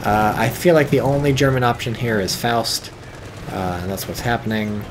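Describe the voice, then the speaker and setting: Excitable man casting a strategy game. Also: mid-range voice, normal speed, a little hiss or hum. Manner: excitable, profane, wry asides. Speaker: game caster. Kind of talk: casual game commentary.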